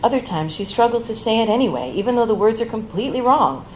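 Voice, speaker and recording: A woman reading her own personal essay aloud at a bar event, in a measured, reflective, tender way. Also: fairly high pitch, big pitch swings, a little mellow, a little hiss or hum, rough recording.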